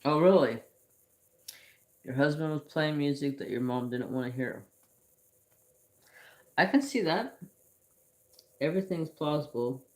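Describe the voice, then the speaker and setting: A man's voice: a little high, animated. A man hosting a craft channel, telling rambling personal stories in casual chat while he paints at home. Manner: slow, rambling storytelling with restarts.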